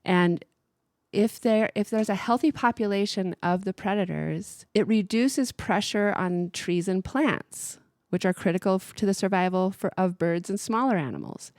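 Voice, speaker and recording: A woman's voice: mid-range voice, normal speed, a little mellow, no room sound, studio quality. A woman co-hosting a radio talk show, explaining earnestly in a casual discussion with frequent restarts.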